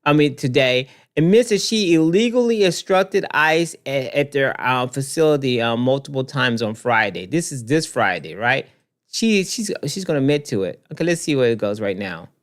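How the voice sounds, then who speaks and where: A man hosts a loose commentary show, reacting to news clips as he scrolls through them. His pitch swings widely and he keeps repeating phrases for emphasis. He talks straight to his viewers in an off-the-cuff way. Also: moderate pace. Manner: animated, repeats himself, talks to viewers directly.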